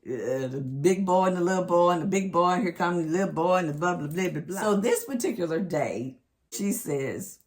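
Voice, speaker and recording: Animated woman telling a story. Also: on the low side, normal speed. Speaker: vlog host. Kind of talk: casual storytelling.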